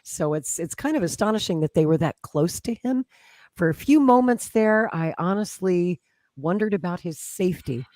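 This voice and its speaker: A woman from Canada, a historian, giving measured, earnest political commentary. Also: on the low side, expressive, darkish tone, no room sound. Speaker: historian guest. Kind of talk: political discussion.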